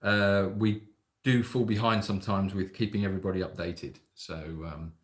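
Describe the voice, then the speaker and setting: A man chatting casually on a livestream, joking and rambling through his stories. His voice sits at an ordinary pitch. The room around him is echoey. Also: steady tone, moderate pace. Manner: jokey storyteller, slips into silly put-on voices. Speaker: sanctuary co-host on a livestream.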